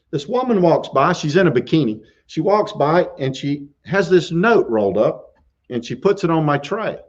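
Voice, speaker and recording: A man with a slightly high voice tells a spooky tale in a casual live-stream style. He chuckles often and restarts his sentences. The audio is dull and lo-fi. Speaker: show host telling a scary story.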